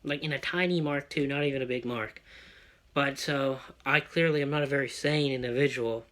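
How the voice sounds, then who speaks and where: A man telling a personal story as a rant, excitable and full of swearing. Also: medium pitch, normal speed. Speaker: vlogger.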